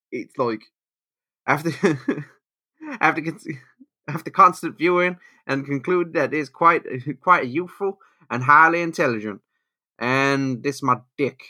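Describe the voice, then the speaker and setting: A man's voice: medium pitch, sharp tone, no echo, clean studio sound. A man co-hosting a podcast, making crude wisecracks and laughing a lot. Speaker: podcast co-host. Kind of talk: casual banter.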